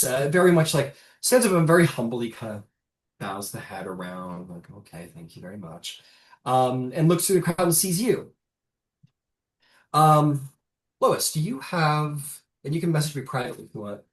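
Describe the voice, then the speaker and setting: A man narrating as game master, casual and halting with many restarts. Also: mid-range voice. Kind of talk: narrating a tabletop game online. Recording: roomy echo.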